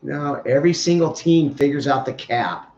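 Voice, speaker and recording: A man's voice: on the high side, normal speed, a little mellow. Male podcast host, casual opinionated football rant, dull lo-fi echoey room sound. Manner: opinionated, rambling, joking. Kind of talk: casual sports commentary.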